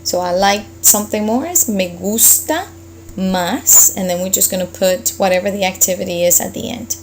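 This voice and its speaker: A woman's voice: medium pitch, darkish tone, a little hiss or hum, low-quality recording. Patient woman teaching Spanish. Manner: patient, explains step by step, slows down for Spanish examples. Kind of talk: recorded classroom lesson explaining grammar.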